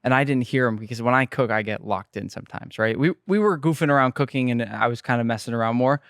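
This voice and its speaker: Young man, quick talker, smooth clear voice, dry close sound, rambling stories. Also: mid-range voice, no room sound. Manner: rambling, animated storytelling. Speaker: guest chef. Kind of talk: casual podcast interview.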